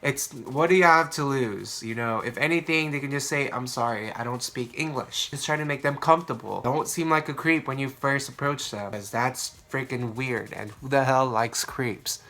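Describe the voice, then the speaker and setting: Bright-voiced young man vlogging. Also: mid-range voice, moderate pace, hardly any pauses. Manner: chatty, relaxed, frequent ums and you-knows. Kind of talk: casual vlog talk to camera.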